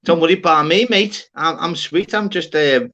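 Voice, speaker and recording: A man hosting a livestream in loose banter, joking at his own expense. His voice sits a little high for a man. The stream audio is dull and lo-fi. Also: moderate pace, sharp tone. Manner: jokey, self-mocking banter. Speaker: livestream host. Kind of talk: casual chat.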